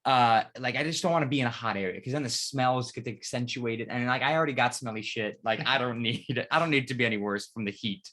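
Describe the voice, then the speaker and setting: A young man and podcast co-host telling a rambling, profanity-laced story in casual chat, his retelling getting animated. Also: mid-range voice, fast, hardly any pauses. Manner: rambling storytelling, heavy swearing, lively retelling.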